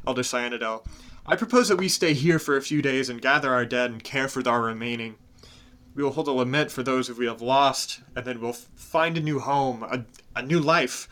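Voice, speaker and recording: A man's voice: mid-range voice, moderate pace, fairly bright tone, natural voice. A man voicing a female halfling elder who speaks earnestly and firmly.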